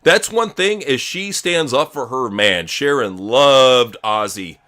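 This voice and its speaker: A man co-hosting a live wrestling watch-along, giving excitable, profane play-by-play and chatting between moves. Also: mid-range voice, takes it slowly. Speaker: co-host. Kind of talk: live reaction commentary.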